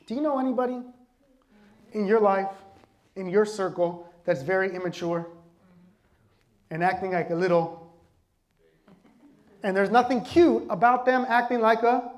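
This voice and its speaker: A man with a notably high-pitched voice delivers a sermon with lively, conversational energy. He jokes and laughs with the congregation and keeps pulling them in with questions. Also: a little slow, long pauses. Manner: lively conversational preaching with constant audience questions. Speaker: pastor.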